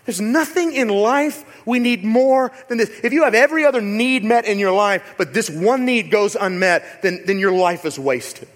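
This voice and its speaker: A man preaching a sermon as pastor in a church, animated and rhetorical, sometimes acting out other voices. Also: high voice, normal speed, hardly any pauses. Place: church sanctuary. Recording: long hall reverb.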